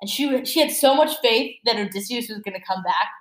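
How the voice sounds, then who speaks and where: A young woman hosting a casual podcast chat, giggly and quick to talk over her friends. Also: a little high. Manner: giggly, talks over others, quotes characters in silly voices. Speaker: podcast host. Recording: echoey room.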